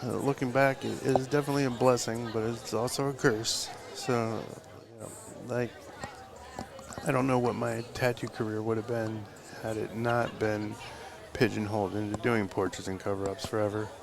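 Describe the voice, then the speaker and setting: A man's voice: lowish voice, little pitch movement, moderate pace, vocal fry. A man, a tattoo artist, telling a long story in a live podcast interview, rambling with lots of fillers and swearing. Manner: rambling, full of fillers and profanity. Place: live event at a tattoo convention. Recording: loud crowd chatter at a live event.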